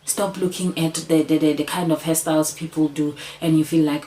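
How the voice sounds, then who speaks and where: Low-voiced woman, earnest. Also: flat delivery, a little fast, warm tone, rough recording. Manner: earnest, repetitive, coaxing, addresses listener as "Sana". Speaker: channel host. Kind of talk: motivational talk to camera.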